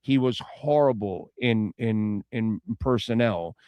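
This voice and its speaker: A man's voice: on the low side, warm tone, clear, resonant tone, no echo. Emphatic sports radio man, dry mic. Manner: emphatic, opinionated, drawn-out stresses. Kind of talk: casual sports talk.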